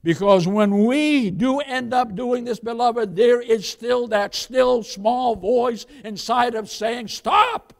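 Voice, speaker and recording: A man preaching a sermon, his voice pitched unusually high for a man. He preaches with emphasis, turning often to his listeners as "beloved" and asking them for an amen. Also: slow pace, creaky, few pauses, darkish tone. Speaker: pastor.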